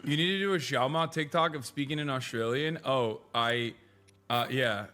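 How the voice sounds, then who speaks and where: This is an excitable young man hosting a casual stream, talking over clips with his friends. He jokes around loosely and swears now and then, with a voice that sits at an everyday middle pitch. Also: normal speed. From United States. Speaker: streamer host. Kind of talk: casual reaction chat with friends.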